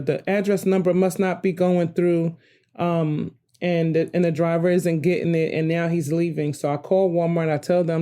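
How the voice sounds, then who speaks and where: Older host, mellow voice, rambling and animated. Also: female voice, on the low side. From New Jersey. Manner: rambling, animated, self-correcting. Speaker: podcast host. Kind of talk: casual storytelling monologue.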